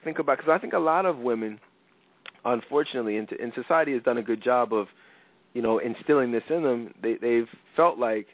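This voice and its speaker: Brief: young male radio host, casual advice talk, animated quoted voices, dry narrow phone-like sound. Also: brisk, no echo. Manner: animated storytelling, acts out quotes with big pitch jumps. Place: radio studio.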